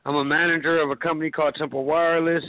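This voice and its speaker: A man in his forties from Cleveland, Ohio, introducing himself as a caller in a casual, steady way. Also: a little high, racing, no echo. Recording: tinny phone-line audio.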